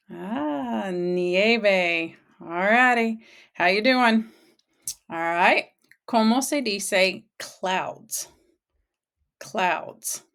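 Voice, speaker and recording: A woman teaching vocabulary in a cheerful, encouraging way, slowly repeating each word and praising the learner. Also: mid-range voice. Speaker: Spanish teacher. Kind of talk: slow, encouraging vocabulary drill.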